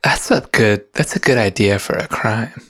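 A man's voice: on the low side, moderate pace, fairly bright tone, husky. A man co-hosting a comedy podcast, reading out news stories in a casual, giggly way and tripping over his words. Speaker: podcast co-host.

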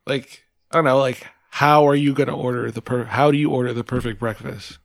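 A man's voice: mid-range voice, steady tone, a little fast, gravelly, no echo, studio quality. A man co-hosting a podcast, chatting casually with an enthusiastic, joking manner and some stammering. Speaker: podcast co-host. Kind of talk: casual comedy chat.

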